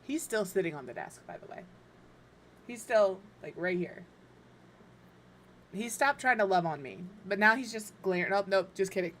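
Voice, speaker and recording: A woman's voice: mid-range voice, expressive, moderate pace, pauses often, a bit bright, a little hiss or hum. A middle-aged woman chatting casually on a live stream as she builds in a life-sim game, talking to her cat and to viewers with self-deprecating humor. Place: home room.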